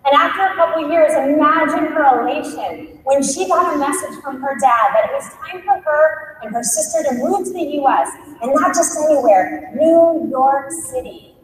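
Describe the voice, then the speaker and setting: A young adult woman telling a story on stage to a large audience, animated and acting out the voices of people in the story. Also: high-pitched, moderate pace, few pauses, a little hiss or hum. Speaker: conference speaker. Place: large conference hall. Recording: echoey hall, voice from far off.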